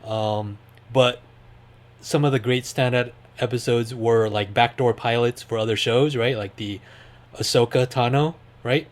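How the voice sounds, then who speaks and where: Casual male podcast host, mid-pitched, rambling and upbeat, filler-heavy delivery. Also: steady tone, measured pace. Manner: rambling, lots of fillers, enthusiastic. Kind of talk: casual chat.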